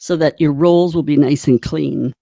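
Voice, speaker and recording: A woman's voice: low-pitched, fairly even intonation, normal speed, vocal fry, noisy background. A woman giving an online drum clinic, chatty and encouraging while she demonstrates rudiments. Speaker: drum instructor.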